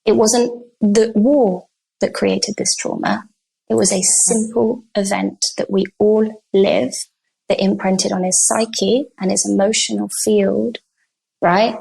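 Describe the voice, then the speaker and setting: Gravelly, husky-voiced woman telling a story. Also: mid-range voice, takes it slowly. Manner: earnest, animated, acts out quoted dialogue. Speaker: guest coach on healing. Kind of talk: conversational storytelling.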